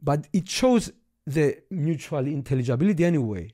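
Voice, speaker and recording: A man from Cyprus, teaching about languages in conversation, often restarting words and trailing off quietly. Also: fairly high pitch, very animated, normal speed. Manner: stammering restarts, trails off softly. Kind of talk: explaining linguistics in conversation.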